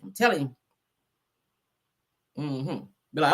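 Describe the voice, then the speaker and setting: A woman hosting a live-stream, giving casual gossip commentary with profane, animated talk and frequent laughter. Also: deep voice, takes it slowly.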